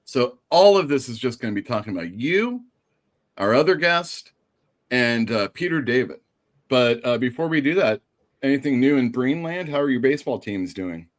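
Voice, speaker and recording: A man's voice: mid-range voice, expressive, moderate pace. A man hosting a casual live stream, telling a story and acting out the people in it. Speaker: host.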